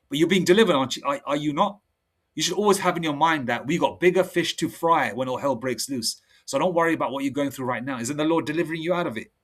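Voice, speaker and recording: A man giving an informal sermon, mixing casual street slang with slow, drawn-out Bible readings. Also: on the high side. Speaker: preacher.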